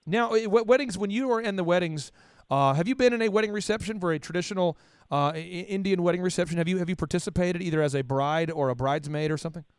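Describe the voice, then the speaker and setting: Quick-talking, playful man hosting. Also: sits high, clean tone, dry recording, studio quality. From Oklahoma. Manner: playful, teasing, repeats words at starts. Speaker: podcast host. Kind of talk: joking interview chat.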